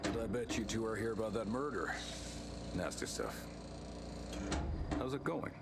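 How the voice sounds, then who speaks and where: A cheerful male local guide in a video game who talks like he's always selling something. His low voice swings widely as he chats. Game ambience hums steadily behind him. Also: sing-song, moderate pace, gravelly. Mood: upbeat. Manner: folksy salesman patter. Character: chatty, cheerful small-town male tour guide. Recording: game audio with ambient noise.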